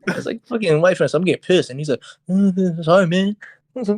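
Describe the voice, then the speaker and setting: A young man co-hosting a podcast, telling a story in a casual, animated, profane way and acting out what people said. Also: a little high, fairly quick, dry recording. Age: young adult. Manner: animated, profane, acts out quotes. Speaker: podcast co-host. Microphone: podcast mic on voice chat.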